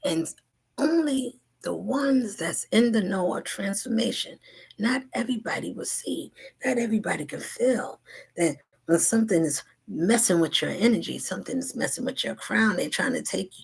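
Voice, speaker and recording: A woman delivering a spiritual message in a rhythmic, repetitive way, slipping between whispers and loud asides. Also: mid-range voice, animated, normal speed, gravelly, husky. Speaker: spiritual channel host.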